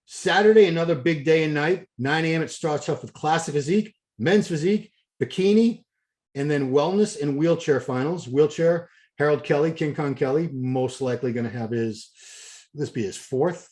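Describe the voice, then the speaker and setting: A man's voice: fairly high pitch, normal speed, a little mellow. Chatty, jokey male host. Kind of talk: casual show wrap-up.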